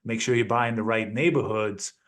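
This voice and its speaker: A man in his fifties, a guest in an interview, speaking in a measured way with frequent tag questions. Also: on the low side. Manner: measured, peppers speech with "right?" and "you know". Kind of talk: interview conversation.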